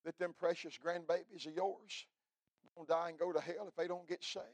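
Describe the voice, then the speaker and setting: A middle-aged man preaching a fiery revival sermon, swinging from loud cries to hushed telling. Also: a little high, fairly even intonation, a little fast, dry recording. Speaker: pastor.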